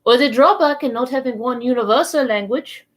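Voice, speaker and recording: A woman reading aloud, voicing a serene, deferential young manservant who speaks in a calm, philosophical way. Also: sits high, brisk. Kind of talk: read-aloud storybook voice.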